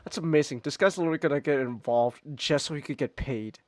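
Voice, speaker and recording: A man hosting a casual live-stream podcast while playing a game, excitable, with loud outbursts and stammered restarts. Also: fairly high pitch, fast talker, dry recording.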